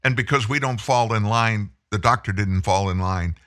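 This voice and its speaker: Emphatic lower-voiced male host. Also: normal speed, a bit bright. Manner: emphatic, urging listeners. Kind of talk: talk show interview.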